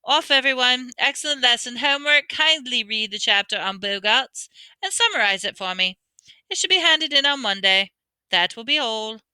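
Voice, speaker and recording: A woman voicing a calm, kindly male teacher who gives brisk commands. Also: a little high, smooth, no echo, pitched above the performer's own voice. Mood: brisk praise.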